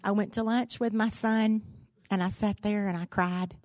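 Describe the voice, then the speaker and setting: A woman's voice: mid-range voice, fairly even intonation, normal speed, a little mellow, no echo. A woman, a pastor's wife giving a devotional talk in a folksy, candid, humorous storytelling way. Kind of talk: sermon-style devotional storytelling.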